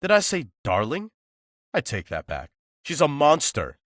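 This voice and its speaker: A man's voice: mid-range voice, wildly swooping pitch, moderate pace, a bit bright, no echo, studio quality, voice pushed up. Man putting on a Jason, a fussing, dramatic werewolf. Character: excitable young male werewolf, Damon's best friend. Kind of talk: audiobook character voice.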